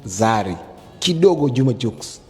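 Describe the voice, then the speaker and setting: Man in an interview, mellow, husky voice, emphatic. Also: medium pitch, big pitch swings, faint music behind. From Tanzania. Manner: dismissive, emphatic, rapid talk. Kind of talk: interview answers.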